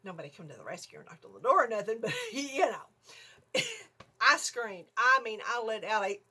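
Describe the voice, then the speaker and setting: A middle-aged woman, telling an animated story on her vlog, laughing often and acting out her own screams. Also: on the high side, normal speed, heavy background noise. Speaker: vlogger.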